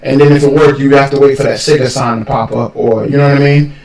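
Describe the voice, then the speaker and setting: A man co-hosting a podcast in casual chat, telling animated stories and acting out quotes loudly. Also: mid-range voice, quick pace, gravelly, echoey room, poor audio. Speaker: podcast co-host.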